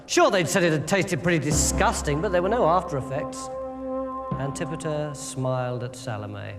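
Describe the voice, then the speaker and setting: A man's voice: on the high side, moderate pace. A man telling a comic story dramatically and theatrically, often shifting his volume, over music.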